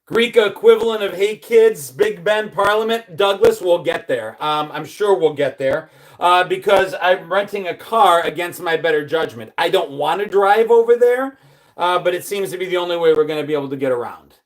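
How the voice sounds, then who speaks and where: A man's voice: high-pitched, moderate pace. An American man in his forties hosting a casual livestream, talking in an anxious, rambling, self-deprecating way. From United States. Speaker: livestream host. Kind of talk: casual live chat reading viewer comments.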